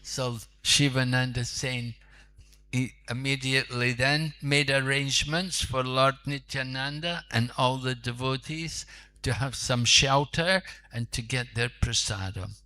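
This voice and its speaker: A man's voice: medium pitch, a little slow, pushed and bright. A man, a monk preacher, telling a sacred story in a conversational sermon with asides.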